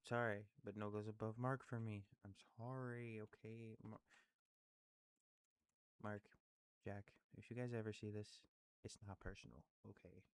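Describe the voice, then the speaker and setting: A man's voice: on the low side, level tone, measured pace, long pauses, smooth. A man in casual rambling commentary, thinking aloud and apologizing often as he ranks favorite creators, full of fillers and restarts. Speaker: YouTuber ranking favorite creators.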